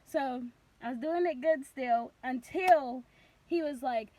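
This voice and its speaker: A young woman telling a casual storytime vlog, rambling with lots of "like" and bursting into loud cries when she acts out moments. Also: high voice, takes it slowly. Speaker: vlogger.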